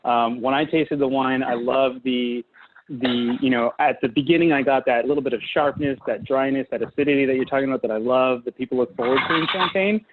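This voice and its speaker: A man's voice: mid-range voice, a little fast. Guest chef, man, from California, casual and filler-heavy; thin phone-like audio. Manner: chatty, filler-heavy, enthusiastic. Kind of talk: casual video-call chat. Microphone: video call. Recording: tinny video-call audio, faint hiss.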